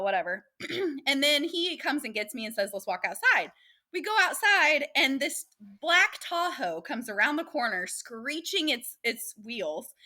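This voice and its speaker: A woman with a slightly high voice and a sharp tone animatedly tells dating stories as a guest in a casual interview. She acts out the voices of the people she quotes.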